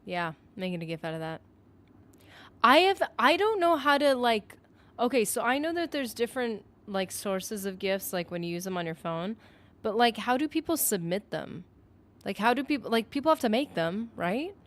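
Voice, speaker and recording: Rambling, animated woman streamer. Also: fairly high pitch, moderate pace. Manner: rambling, animated, heavy use of "like". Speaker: gaming streamer. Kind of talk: casual live-stream commentary.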